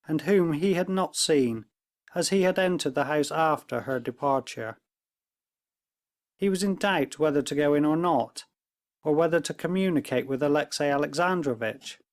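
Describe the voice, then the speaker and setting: A man narrating a classic novel as an audiobook, reading in a slow, measured way. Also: a little high. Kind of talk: scripted narration.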